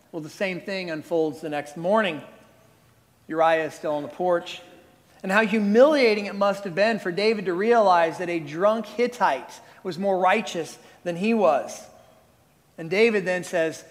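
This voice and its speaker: A man in his forties preaching a sermon as a pastor, retelling stories in an animated, conversational way. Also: high voice, moderate pace. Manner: animated storytelling, conversational asides. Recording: reverberant hall.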